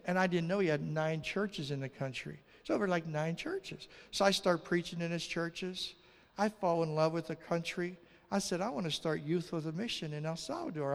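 A man telling a lively testimony as a missionary preacher, acting out the dialogue of his story. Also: high-pitched, long reverb tail.

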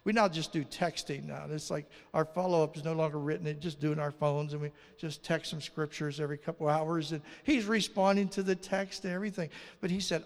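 A man's voice: fairly high pitch, brisk, hardly any pauses. A male pastor preaching and telling stories, acting out the people in them with raised voices. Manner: animated, acts out dialogue in raised voices. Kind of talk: sermon with storytelling. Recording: long reverb of a large hall.

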